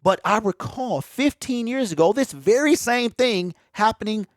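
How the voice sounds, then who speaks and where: He's alone, opinionated and fired up about sports, his voice sitting high at normal speed as he preaches to viewers in slang. No echo, clean studio sound, though his home desk mic pops.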